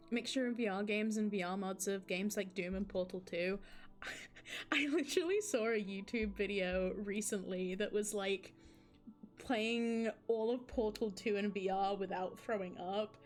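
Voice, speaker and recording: This game streamer speaks at a medium pitch and a slightly slow pace while faint music plays behind her. She reads the story aloud, laughs, and chats casually with viewers, adding asides directed at chat.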